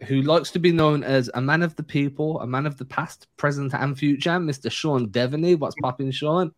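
A man's voice: a little high, moderate pace. Joking male podcast host. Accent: non-American English. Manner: joking, lively banter. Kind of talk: casual chat.

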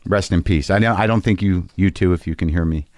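A man's voice: sits low, fairly quick, darkish tone, dry recording. A man hosting a podcast, speaking in a loose, rambling way with lots of fillers and restarts before reading poetry aloud. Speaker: podcast host. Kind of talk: casual monologue and poetry reading. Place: home garage studio.

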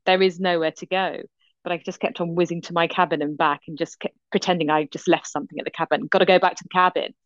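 A woman in middle age, talking in a lower register as she spins an animated anecdote, acting out the people she quotes. The sound is dry and a little dull, as if from a close studio mic. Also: quick pace, no echo. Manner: animated storytelling with lively quoted voices. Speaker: podcast co-host. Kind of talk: casual chat.

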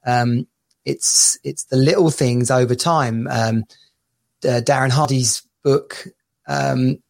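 A male podcast host with a gravelly, fry-laden voice at a middle pitch. He talks casually and hesitantly, pausing often as he frames his questions. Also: fairly even intonation. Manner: conversational, hesitant, many fillers. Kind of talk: casual interview.

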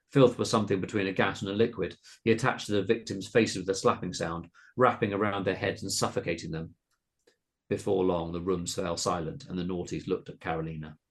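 A man's voice: low voice, gravelly. A man co-hosting a comedy podcast, reading a horror short story aloud with polished, dramatic narration. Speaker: podcast co-host and story reader.

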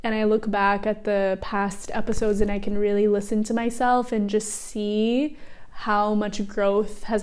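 A woman's voice: mid-range voice, a little mellow. A young woman co-hosting a casual chat podcast, playful and hamming it up in mock accents, seated outdoors in the cold. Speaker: co-host. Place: chilly outdoor seating on a street.

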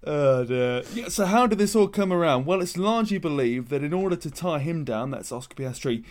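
A man's voice: fairly high pitch, expressive, brisk, a little mellow. A man co-hosting a casual podcast, chatty and opinionated as he lays out the news. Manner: chatty, opinionated, presents the news then hands over. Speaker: podcast co-host. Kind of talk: casual motorsport discussion.

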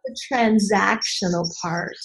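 A woman business coach in a candid podcast conversation, animated and emphatic, acting out voices and repeating key phrases. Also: mid-range voice, takes it slowly, vocal fry, rough recording. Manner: animated, acts out voices and inner dialogue.

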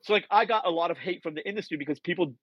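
Guy telling a story on a podcast, kinda high voice, dull dry sound. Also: very fast, husky, no echo. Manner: animated storyteller, acts out quoted dialogue. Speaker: guest, author. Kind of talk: casual storytelling in a podcast interview.

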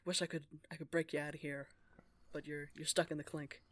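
A woman voicing a scruffy, grumpy, street-smart male dog in a low, quieter voice. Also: flat delivery, fairly quick, no room sound, close to an everyday voice. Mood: grumbling.

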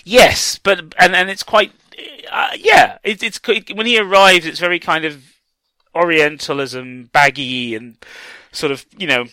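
A man co-hosting a podcast, chatting casually about a film, animated and laughing often with lots of restarts. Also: on the high side, a little slow, no echo. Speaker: podcast co-host.

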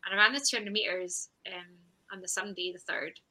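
Speaking quickly in a mid-range, bright, pushed voice, this thirtysomething sportswoman reflects openly on her journey in a podcast interview. She laughs frequently and voices her past self-talk, though the recording quality is low.

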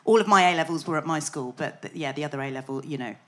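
A woman's voice: sits low, quick pace, fairly bright tone. A woman co-hosting a podcast, telling stories in a dry, wry way and laughing often. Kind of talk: casual chat.

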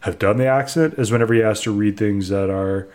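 A man's voice: on the low side, fairly quick, darkish tone. A young man co-hosting a casual chat, giving an opinionated game review and explaining at length. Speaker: co-host reviewing a video game.

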